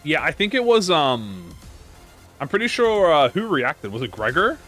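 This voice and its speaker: Rambling male streamer with lively pitch. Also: normal speed. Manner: rambling, self-correcting, trailing off into mumbles. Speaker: live-streamer. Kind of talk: casual live-stream chat while gaming. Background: faint game music.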